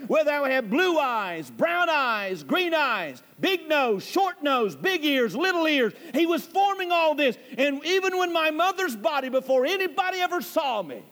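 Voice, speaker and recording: Preacher guy, really high voice, big echoey church hall, emphatic. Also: a bit bright. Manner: emphatic preaching, slows and rises on scripture quotes. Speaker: pastor. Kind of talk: sermon. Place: church sanctuary.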